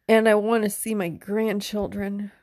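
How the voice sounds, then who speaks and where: A middle-aged woman talks straight into the mic in a relaxed solo podcast, candid and heartfelt, with plenty of casual swearing. Her voice sits at an ordinary pitch for a woman. The sound is close and dry, with no room around it. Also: no echo. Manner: emotional, openly tearful at times. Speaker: podcast host.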